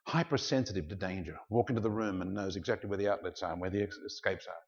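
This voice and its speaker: Male pastor, gravelly voice, animated storytelling sermon, lo-fi recording. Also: fairly low pitch, quick pace, few pauses. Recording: dull lo-fi sound.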